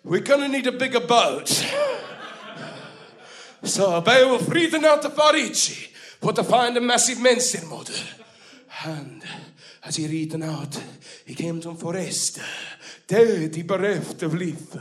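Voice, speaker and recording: A man as a rowdy high-pitched story beast. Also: lively intonation, measured pace, pauses often, fairly bright tone. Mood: gleeful. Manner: broken English, rowdy, swearing, sound effects. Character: boisterous male story beast retelling an epic. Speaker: comedy performer. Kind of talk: live comic storytelling.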